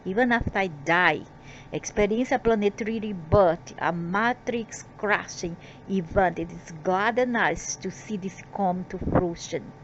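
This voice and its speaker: Slow, defiant woman channeler, lo-fi. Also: mid-range voice, noisy background. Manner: defiant and rambling. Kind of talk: reading channeled messages with angry asides.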